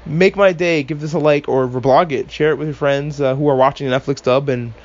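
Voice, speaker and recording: A man's voice: fairly high pitch, steady tone, a little fast, dull audio. A man hosting a casual podcast recap, talking with animation, swearing freely and tossing in sarcastic asides. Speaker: podcast host.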